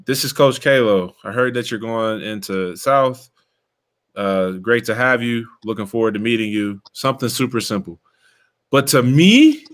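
A young man hosting a casual chat, telling a story in an animated, slangy way and calling his listener bro. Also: mid-range voice. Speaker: podcast host, former player.

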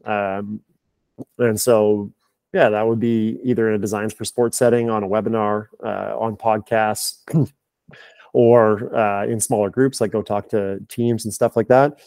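Dark-voiced man talking candidly. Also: on the low side, flat delivery, measured pace, no echo. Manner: candid, rambling, frequent fillers and restarts. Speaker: high performance director and strength coach. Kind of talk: casual podcast conversation.

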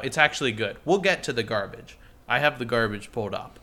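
A man co-hosting a casual podcast, with a bright, forceful voice. He talks in a playful, joking way, full of banter with his co-host. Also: medium pitch, animated, fairly quick. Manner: playful, jokey, bursts into mock shouting.

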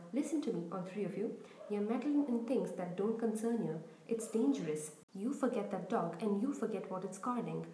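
Woman reading as gruff Hagrid. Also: medium pitch, mellow, echoey room, slight background noise, close to an everyday voice, poor audio. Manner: gruff, blustering. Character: gruff giant male groundskeeper, blustering and secretive. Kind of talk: audiobook reading.

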